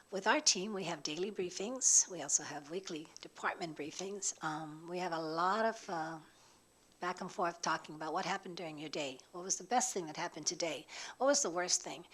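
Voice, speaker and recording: Hoarse, emotional woman testifying at a hearing. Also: lowish voice, a bit bright. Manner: impassioned, speaking under stress. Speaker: labor secretary testifying.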